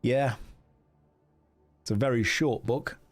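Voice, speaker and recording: A man's voice: medium pitch, slow, faint music behind. A man streaming a gamebook, chatting with his viewers about their votes and reading the story passages aloud. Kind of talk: live-streamed gamebook play with chat votes.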